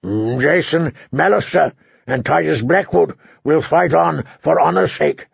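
A man voicing a cold, commanding older lord, speaking in a slow, measured, authoritative way on a dull, dry recording. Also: a little high, creaky, husky, no room sound, exaggerated voice.

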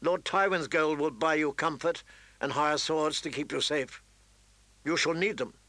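A man reading aloud voices a stern, honorable nobleman who speaks quietly and dryly. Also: fairly high pitch, unhurried, no room sound. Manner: quiet, dry, grave.

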